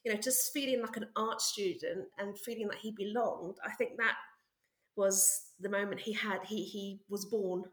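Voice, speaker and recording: A woman teacher telling stories in an interview, lively and quick to act out what she said back then. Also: medium pitch, echoey room. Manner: lively, acts out her own past remarks with bursts of excitement. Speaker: art teacher and interview guest. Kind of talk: animated storytelling in an interview.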